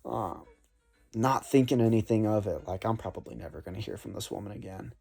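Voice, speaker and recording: A man's voice: on the low side, lively intonation, quick pace, darkish tone, husky, soft background music. A young man from North Florida, telling a rambling, laid-back story about playing saxophone. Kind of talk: casual storytelling vlog.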